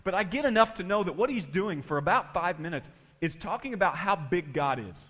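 A man preaching a sermon through an animated, emphatic personal story. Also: sits high, brisk. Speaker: pastor.

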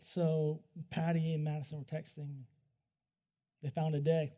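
A man preaching and telling a personal testimony, going from hushed to loud and talking straight to his audience. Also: a little high, a little slow. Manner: animated, swings between hushed and loud; talks to the audience directly. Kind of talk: storytelling sermon.

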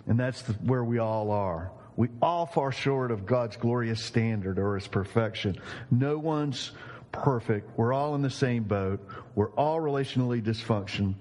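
A man's voice: mid-range voice, unhurried, a little mellow. A male pastor preaching a sermon in an emphatic storytelling manner. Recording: long reverberant hall.

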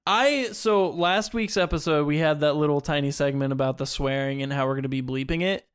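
Young guy on a podcast, kinda high voice, teasing and laughy. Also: brisk, clear, resonant tone. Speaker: podcast co-host. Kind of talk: casual chat.

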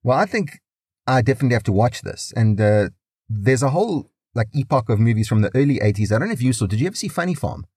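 A man co-hosting a podcast in casual chat, lively and teasing with his co-host. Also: mid-range voice, slightly rough, no echo, studio quality. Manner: lively, teasing, drops into quick put-on voices.

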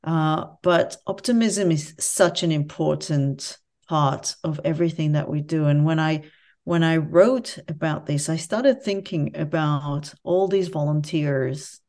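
Earnest woman with a lowish voice. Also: measured pace, a little mellow. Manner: earnest, reflective, speaks candidly about personal pain. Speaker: guest, professor and author. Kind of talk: conversational interview storytelling.

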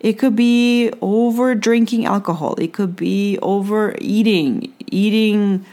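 A woman with a mid-pitched voice talks through her own struggles as a mother on her podcast. She is earnest and reflective, and she keeps turning to reassure the listener. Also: slow, mellow. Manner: earnest, encouraging, speaks directly to the listener. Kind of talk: reflective solo podcast talk.

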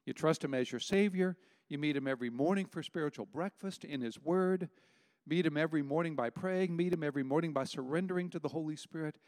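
A man's voice: mid-range voice, a little mellow. A man in his sixties preaching a sermon, firing emphatic rhetorical questions and mixing in folksy personal stories. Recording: long reverb of a large hall.

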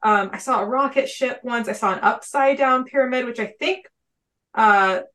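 A woman's voice: fairly high pitch, normal speed, a bit bright. A woman speaking as a podcast panelist in a casual discussion, chatty and rambling with frequent fillers.

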